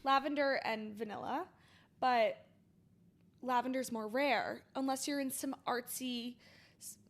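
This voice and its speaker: A woman's voice: a little high, a little slow. A woman co-hosting a podcast in casual chat, bubbly and enthusiastic. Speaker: podcast co-host.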